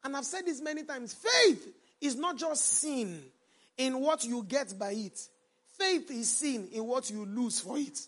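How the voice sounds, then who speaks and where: A pastor preaching a sermon to a congregation, prompting them to finish his lines and swinging between loud emphasis and quiet storytelling. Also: extremely high pitch, lively intonation, unhurried. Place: church before a congregation, also streamed online.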